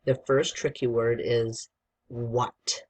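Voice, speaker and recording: A teacher gives a young student a spelling dictation lesson, speaking slowly and deliberately and spelling each word out letter by letter. The voice is mid-range with a flat delivery and a breathy edge, and the instructions are patient and encouraging.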